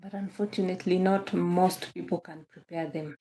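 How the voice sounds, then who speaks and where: A young woman with a Kenyan accent hosts a casual livestream, welcoming viewers one by one and repeating her thanks and praise. Her voice sits low and sounds mellow and soft-edged. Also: steady tone, moderate pace. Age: young adult. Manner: effusive, repeats phrases, greets viewers by name. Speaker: livestream host.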